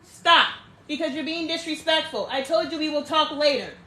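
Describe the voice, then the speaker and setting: Broadcasting casually from her bedroom, this livestream host talks in a high, brisk voice with a fairly bright tone. Her delivery is emphatic and preachy, full of repetition.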